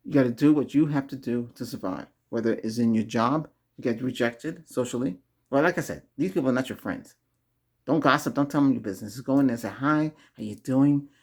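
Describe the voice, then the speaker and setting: A man's voice: medium pitch, quick pace, slightly rough. A man hosting a Reiki video, giving casual spoken advice to viewers, chuckling often and repeating himself. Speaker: Reiki ASMR host.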